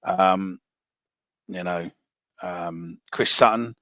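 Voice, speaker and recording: A man's voice: low voice, very slow, pushed and bright, no room sound. A man hosting a casual football podcast, blunt and swearing freely. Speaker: podcast host.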